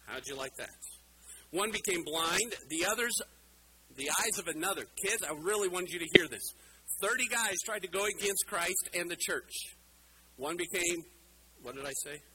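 The pastor here has a high voice and speaks at normal speed, captured in a low-quality recording with a little hiss or hum. His children's sermon in church involves a hands-on demonstration, and he talks playfully and animatedly to the kids while teasing a young helper.

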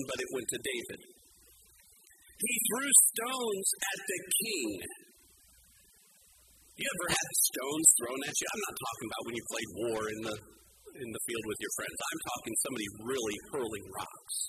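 A man's voice: fairly high pitch, very noisy. A man preaching a sermon as pastor, telling stories with animation and acting out the quoted voices.

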